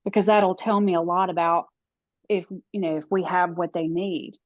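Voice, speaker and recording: A woman's voice: lowish voice, steady tone, moderate pace, no echo. A woman working as a relocation guide, talking casually in an interview, chatty with frequent restarts and laughter. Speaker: real estate relocation guide. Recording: dry, dull lo-fi audio.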